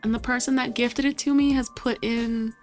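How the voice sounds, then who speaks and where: A woman with a higher-pitched voice talks to herself at her computer while she plays, exasperated and swearing as things go wrong. Faint game music sits behind her. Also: steady tone, moderate pace. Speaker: gaming streamer. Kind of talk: casual chat while playing a computer game.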